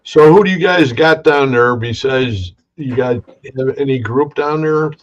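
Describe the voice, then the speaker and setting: A man casually interviewing a guest over a remote connection, halting and full of restarts. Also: mid-range voice, highs cut off.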